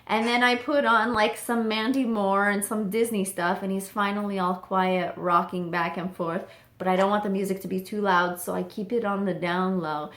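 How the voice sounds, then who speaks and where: A young woman telling a story on her vlog in an animated way, quoting herself and her parrot. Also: medium pitch. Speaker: parrot channel vlogger. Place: home room with birds. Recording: echoey room.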